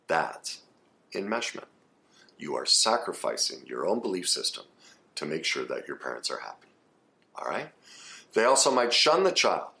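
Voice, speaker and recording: A man who works as a therapist and author, giving a blunt, emphatic self-help talk that swings between quiet stretches and animated bursts. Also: on the low side.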